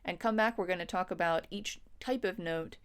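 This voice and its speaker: A woman music teacher explains time signatures step by step. She counts beats aloud in a patient, even way and checks in with the listener. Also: fairly low pitch, normal speed, clear, resonant tone. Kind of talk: instructional lesson.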